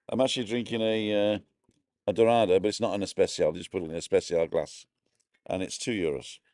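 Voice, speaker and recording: A man's voice: deep voice, steady tone, brisk, a little mellow, dry recording, studio quality. Chatty middle-aged man hosting a live stream. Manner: chatty, greets viewers by name. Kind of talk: casual live-stream chat. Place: bar. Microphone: earphones.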